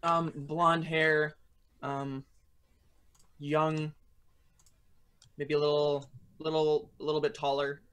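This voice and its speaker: Flat-voiced young man, offhand player. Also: fairly high pitch, slow, pauses often, clean tone. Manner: hesitant, offhand. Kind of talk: casual chat.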